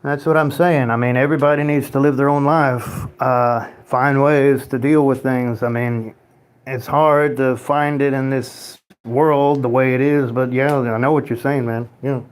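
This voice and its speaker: A man's voice: mid-range voice, fairly even intonation, measured pace, clean tone. A man hosting a livestream, reading out chat comments and giving his loose, sarcastic opinions, with frequent swearing and laughs. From United States. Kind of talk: casual rambling livestream chat.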